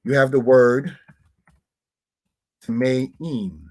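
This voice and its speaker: Husky man teaching Hebrew vocabulary. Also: mid-range voice, darkish tone. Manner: slow, deliberate spelling-out of words. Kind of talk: slide lesson on Hebrew words.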